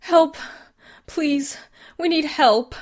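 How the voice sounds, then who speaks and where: A woman reading an audiobook voices a panicked young woman trying to save a dying friend, pleading and crying out loudly. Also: fairly low pitch, slow. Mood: frantic. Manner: frantic, pleading, breaking into loud cries.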